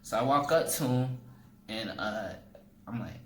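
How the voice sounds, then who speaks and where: Animated young man telling a comic story. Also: a little slow. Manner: animated, jumps pitch to act out people in his story. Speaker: comedian. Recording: echoey room with faint ambient noise.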